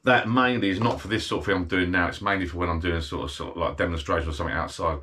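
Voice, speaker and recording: A man's voice: sits low, fairly even intonation, racing, bright, forceful tone. A middle-aged British man chatting casually while he unboxes a gadget, rambling and thinking aloud as he goes. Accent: British English.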